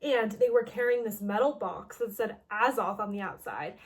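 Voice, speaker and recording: A woman casually recapping a story game, chatty and peppered with "like", paraphrasing characters as she goes. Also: medium pitch. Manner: chatty, heavy use of "like", quoting characters in quick paraphrase. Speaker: gaming video host.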